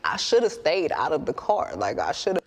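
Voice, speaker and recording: Woman interviewee, calm storyteller, gravelly voice, wide pitch swings. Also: brisk. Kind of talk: television interview answer.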